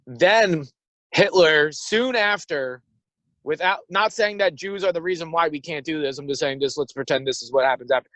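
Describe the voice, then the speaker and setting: A man's voice: on the high side, fairly bright tone, no room sound, rough recording. A young man co-hosting a podcast, rambling and riffing jokes while recording on a phone inside his parked car. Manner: rambling, riffing, quick to joke. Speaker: podcast co-host. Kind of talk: casual comedic chat. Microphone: phone held in hand.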